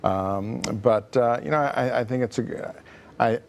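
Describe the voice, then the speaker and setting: A man's voice: mid-range voice, measured pace, vocal fry, a little hiss or hum. A man speaking as a guest on a TV panel discussion, hesitant and full of restarts.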